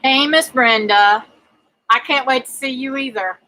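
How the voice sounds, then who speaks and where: Chatty bright-voiced woman greeting viewers. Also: sits high, a little slow, rough recording. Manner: chatty, greets viewers by name, many fillers. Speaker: homesteading livestream host. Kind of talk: casual livestream chat reading viewer comments.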